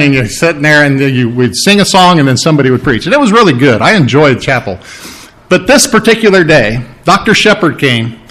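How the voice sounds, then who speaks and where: A man's voice: fairly high pitch, a bit bright. A man preaching a sermon, telling folksy personal stories in a conversational way with frequent asides.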